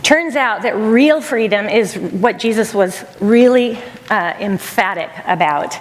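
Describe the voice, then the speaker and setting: A woman's voice: medium pitch, lively intonation, unhurried. A middle-aged woman giving an earnest, conversational chapel talk at a college, repeating phrases for emphasis. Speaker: chapel speaker. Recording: long hall reverb.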